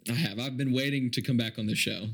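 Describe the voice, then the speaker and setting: Rambling man pitching a story. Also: fast talker, vocal fry, breathy edge. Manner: rambling, animated storytelling with many fillers. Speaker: podcast guest. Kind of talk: improvised comedy pitch.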